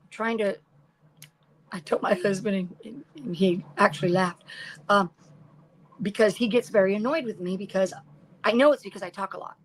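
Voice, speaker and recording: A woman's voice: medium pitch, normal speed, slight background noise, poor audio. An older woman chatting casually while crafting on a livestream at home, rambling and greeting viewers by name.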